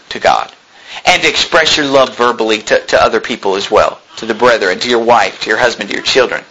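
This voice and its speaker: A middle-aged man preaching a sermon, reading scripture aloud and swinging between loud emphatic peaks and low asides. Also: a little hiss or hum, rough recording. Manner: reads scripture aloud in King James wording. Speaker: pastor.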